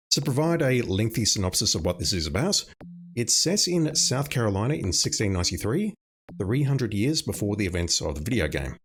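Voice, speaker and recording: A man narrating a game playthrough, summarizing the story in a dry, wry way with joking asides. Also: lowish voice. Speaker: let's play narrator. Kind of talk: casual game commentary and summary.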